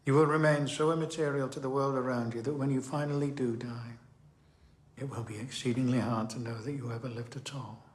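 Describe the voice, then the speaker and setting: An actor playing a cold, menacing Soviet state official who speaks in calm, cutting, measured threats. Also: male voice, mid-range voice, reverberant, lightly acted. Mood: coldly threatening.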